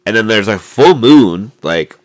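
A man's voice: on the low side, expressive, unhurried. A man co-hosting a podcast, chatting casually about a movie, rambling with lots of fillers and restarts. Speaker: podcast co-host. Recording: noisy amateur mic recording.

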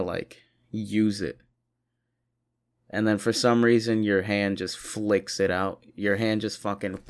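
Young man, solo podcast host, low voice, rambling profane rants with loud outbursts. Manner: profane, rambling, jumps into loud mock-indignant bursts. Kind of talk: solo comedic rant.

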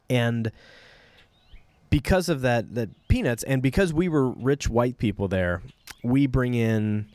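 Low-voiced man telling a rambling story. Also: darkish tone, dry recording. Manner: rambling, digressive, with frequent fillers. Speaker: podcast storyteller. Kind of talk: casual spoken storytelling.

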